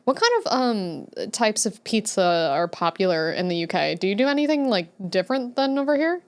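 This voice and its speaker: A woman's voice: medium pitch, expressive, brisk, clear, resonant tone. A young adult woman hosting a casual livestream, chatting with viewers while drawing, laughing often as she answers them. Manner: chatty, giggly, answers chat aloud with frequent laughter. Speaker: livestream host.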